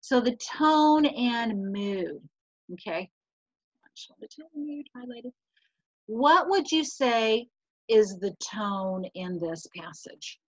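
A woman's voice: fairly high pitch, lively intonation, slow, dry recording. A woman teacher reading a novel passage aloud to her class, then talking it through, with a few slips and restarts. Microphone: video call. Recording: dull, lo-fi video call audio.

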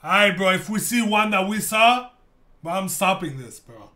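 A man's voice: high-pitched, animated, normal speed, bright, forceful tone. A young man co-hosting a livestream reaction, playful and hyped, saying "bro" constantly. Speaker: reaction channel co-host. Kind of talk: casual livestream reaction chat.

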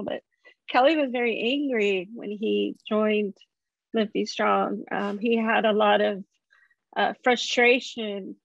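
A woman's voice: mid-range voice, gravelly, no echo, highs cut off. A woman founder of an online support community speaking heartfelt and grateful on a video-call panel. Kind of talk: panel conversation.

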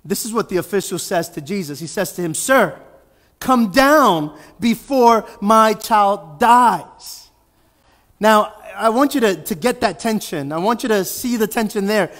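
A man's voice: high voice, brisk, hardly any pauses, big-room sound. A man preaching a sermon as pastor, talking conversationally and pressing his points with rhetorical questions. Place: church sanctuary.

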